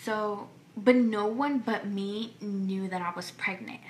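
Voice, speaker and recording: A woman's voice: mid-range voice, slow pace. A young woman telling a personal story to her camera in a casual, chatty way, full of "like" and restarts. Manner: chatty, lots of "like" and restarts, animated quoting of herself. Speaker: vlogger. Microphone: camera or phone mic. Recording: echoey room with faint ambient noise.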